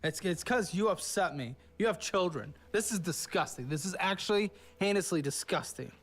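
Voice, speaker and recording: A man's voice: high-pitched, lively intonation, normal speed. A man hosting from a studio, harshly berating a guest over her spending in a profane, scornful tirade. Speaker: host. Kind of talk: berating financial review.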